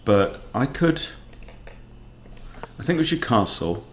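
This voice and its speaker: A man, a chess coach thinking aloud in a relaxed, understated way as he plays a fast game. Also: medium pitch, slight background noise. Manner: muttering, understated, self-talking. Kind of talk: thinking aloud while playing blitz chess.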